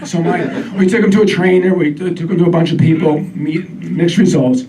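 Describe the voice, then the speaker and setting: High-pitched guy doing standup, wry deadpan asides, far mic, crowd laughing. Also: brisk, few pauses. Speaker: stand-up comedian. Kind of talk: stand-up comedy set. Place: comedy club stage.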